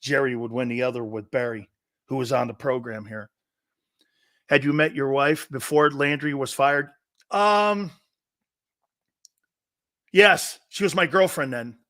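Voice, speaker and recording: Measured in pace and prone to long pauses, this middle-aged man's mid-range, fairly bright voice carries a casual live-streamed sports talk show. He's a rambling storyteller who laughs a lot and often quotes others.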